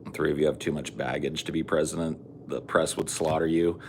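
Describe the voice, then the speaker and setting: A man's voice: rumbling low, fairly even intonation, fairly quick, a little mellow, a little hiss or hum. A man hosting a casual streamed podcast chat, talking bluntly and swearing a lot. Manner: profane, blunt, opinionated. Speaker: podcast host.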